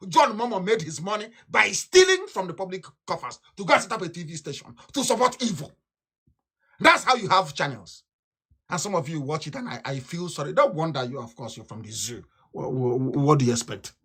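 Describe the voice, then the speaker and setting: Nigerian man, radio address, fiery and scornful, voice bright and forceful. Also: breathy edge. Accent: Nigerian English. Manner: fiery and scornful, swings from shouts to low mutters. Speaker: radio broadcaster. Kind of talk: impassioned political radio address.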